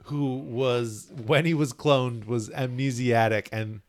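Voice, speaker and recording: Guy on a comics podcast, mid pitch, excited explaining lore and laughing a lot. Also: slow pace. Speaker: podcast co-host. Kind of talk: casual comic book discussion.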